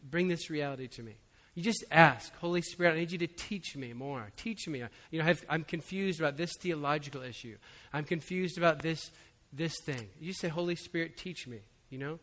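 Bright-voiced pastor in a reverberant hall. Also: male voice, fairly high pitch, moderate pace, hardly any pauses. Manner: conversational, chuckling, frequent "you know". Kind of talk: sermon with personal story.

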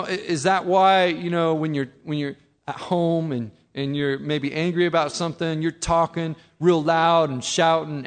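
A middle-aged man preaching a sermon in a conversational way, acting out his listeners' objections. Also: fairly high pitch. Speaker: pastor.

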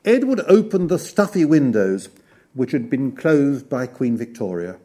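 A man giving a formal history lecture, measured and wry, listing details one by one. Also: mid-range voice, very animated, warm tone.

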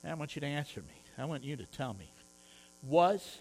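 Animated preacher man, highish voice. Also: a little fast, creaky, rough recording. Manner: earnest, heartfelt, stumbles and repeats words. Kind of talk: conversational sermon.

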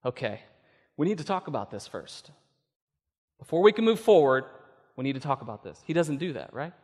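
A man's voice: a little high, sing-song, a little fast, darkish tone. A male pastor preaching a sermon, acting out voices and building to emphatic peaks. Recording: long reverb of a hall.

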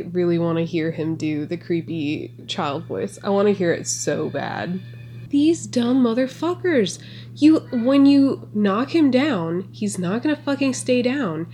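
A woman talking casually as a podcast host, reacting excitedly and sarcastically to a movie with lots of swearing. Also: fairly high pitch, measured pace, slight background noise.

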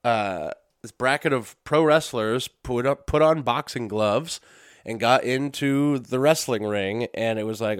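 Male podcast host, mid pitch, loose rambling delivery full of fillers and casual swearing; dry, close sound. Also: measured pace, clear, resonant tone, no room sound. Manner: rambling, self-correcting, with frequent fillers and swearing. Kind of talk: casual solo podcast talk. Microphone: dusty podcast microphones.

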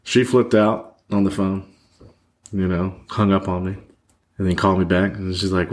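Low-voiced man telling a candid story. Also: flat delivery, moderate pace. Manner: candid, rambling, many fillers. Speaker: podcast guest. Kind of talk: personal story in conversation. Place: indoors across a table from the host.

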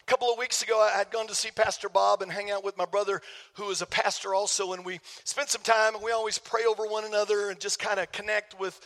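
A man, a pastor preaching a sermon, telling a story with jokes for the congregation in an animated way. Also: high voice, fast. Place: church sanctuary. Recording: long hall reverb.

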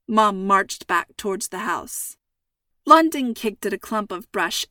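A woman narrates a story with clear, even delivery. Her voice sits at a middle pitch, recorded close and dry. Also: slow, no room sound, distant mic. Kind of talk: scripted narration.

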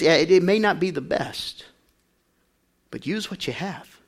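A man pastor preaching a sermon, calling on the congregation to answer back and swinging from quiet talk to loud shouting. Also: on the high side, animated, a little slow.

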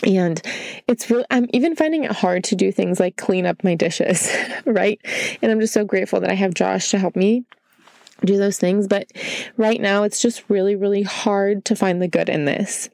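A woman's voice: mid-range voice, normal speed, vocal fry, a little mellow, no echo. A young woman hosting a candid solo podcast, emotional and earnest, holding back tears. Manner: emotional, earnest, repeats "right?". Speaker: podcast host.

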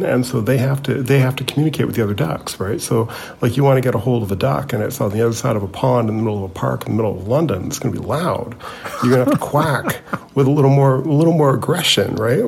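A man co-hosts a casual podcast chat, his voice gravelly and textured. He talks hesitantly, circling back with ums and restarts. There is faint noise in the background. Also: mid-range voice, darkish tone. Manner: hesitant, full of fillers and restarts. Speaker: podcast co-host.

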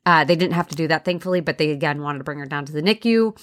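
A woman's voice: deep voice, racing, fairly bright tone. A young woman hosting a podcast, candidly telling a personal story in a conversational way with many fillers. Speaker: podcast host.

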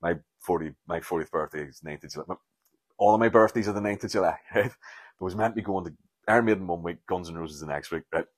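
A man's voice: low-pitched, fast, dry recording. A Northern Irish comedian in his forties, rambling candidly and sweary through a solo podcast monologue, self-deprecating and frank. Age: 40s.

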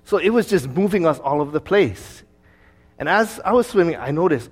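Storytelling pastor, slightly high voice. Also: male voice, a little fast, husky. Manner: conversational storytelling, with fillers and restarts; lively, acting out his own past words. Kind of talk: sermon with a personal story.

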